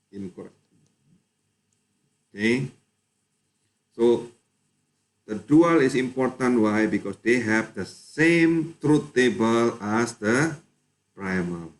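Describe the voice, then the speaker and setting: Slow patient male lecturer. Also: mid-range voice, animated. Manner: slow, patient, checks students' answers. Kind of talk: live online lecture.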